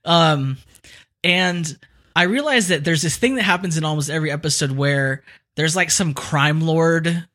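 A man's voice: fairly high pitch, a little slow. An American man from California, a young adult podcast co-host in casual chat who laughs often and mocks himself. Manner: laughs often, animated, self-mocking.

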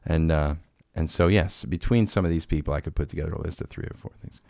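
A man's voice: very deep voice, fast, vocal fry, darkish tone, no room sound, clean studio sound. A man hosting a podcast, telling rambling, self-deprecating stories in casual chat. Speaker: podcast host.

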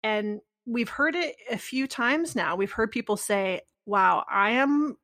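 A woman's voice: on the high side, expressive, slow pace, a bit bright. A woman co-hosting a podcast in casual conversation, talking in a rambling, reflective way and often trailing off mid-thought. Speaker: podcast co-host.

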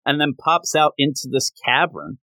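A man co-hosting a podcast in a casual talk about a manga chapter, retelling scenes with lively jumps in his voice. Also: moderate pace, creaky, no echo. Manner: animated retelling with big pitch jumps. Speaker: podcast co-host.

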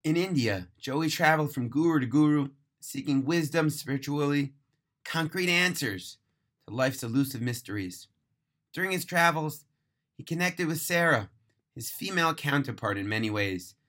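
A man narrating a moving story aloud, earnest and emphatic, slowing down on key phrases. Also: a little high, lively intonation, a bit bright. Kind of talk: dramatic storytelling read-aloud.

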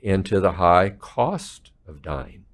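A man with a fairly low voice talks as a guest in an interview. He is an earnest physician who slips into patients' voices while telling stories. His tone is steady and conversational. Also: takes it slowly. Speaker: palliative care physician, podcast guest.

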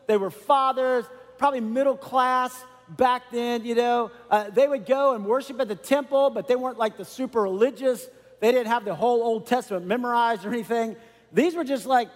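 A man delivers a sermon with a high voice, speaking to the congregation in a chatty, animated way. His words ring out with a long reverb, like a church sanctuary. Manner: animated, conversational preaching with many asides. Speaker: pastor.

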